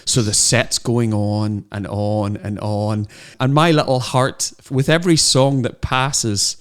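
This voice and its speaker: A middle-aged man co-hosting a podcast, telling animated anecdotes in casual chat. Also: lowish voice, slow, hardly any pauses, smooth. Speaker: podcast co-host.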